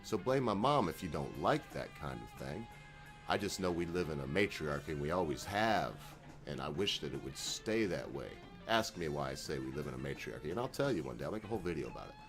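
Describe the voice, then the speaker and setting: A man's voice: rumbling low, sing-song, a little fast, music in the background. A man hosting his own video channel, talking in a folksy, rambling monologue with chuckling asides. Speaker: channel host.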